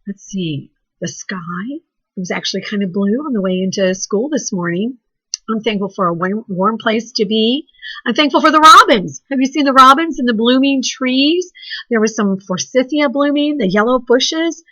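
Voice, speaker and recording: A woman teaching second grade in a recorded phonics lesson, speaking slowly and deliberately, spelling words letter by letter in a cheerful, encouraging way. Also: fairly high pitch, fairly bright tone, no echo, muffled recording. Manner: cheerful and encouraging toward children.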